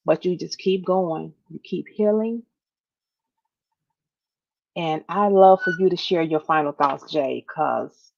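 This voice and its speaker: Emotional woman podcast host, low-pitched. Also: slow, creaky, long pauses, darkish tone. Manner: emphatic, repeats phrases, addresses listeners as y'all. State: near tears. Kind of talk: heartfelt podcast talk to listeners. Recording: dull lo-fi audio.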